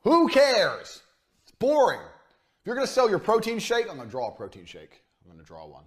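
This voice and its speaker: Male business lecturer, crude and blunt, pitch swinging up and down, drives each point home by repeating it. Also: wildly swooping pitch, normal speed. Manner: blunt, profane, hammering repetition. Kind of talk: business lecture to a live audience. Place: university lecture room.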